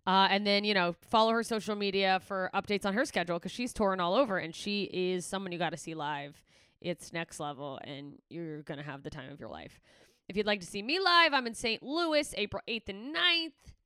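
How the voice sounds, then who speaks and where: A woman's voice: medium pitch, fairly quick, sharp tone, clear, resonant tone, dry recording, studio quality. A woman comedian signing off her podcast in a candid, rambling way, swearing freely as she chats. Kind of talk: casual podcast sign-off chat.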